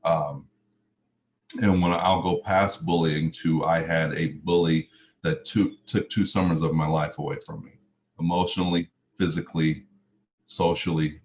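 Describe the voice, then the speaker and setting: A very deep-voiced middle-aged man tells his life story in earnest, piling up repeated phrases for emphasis. The audio is dull and lo-fi, like a video call, with faint hiss underneath. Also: flat delivery, a little slow. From Mississippi, US. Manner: earnest, repetitive lists with emphatic rises. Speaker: motivational speaker. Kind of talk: personal testimony talk.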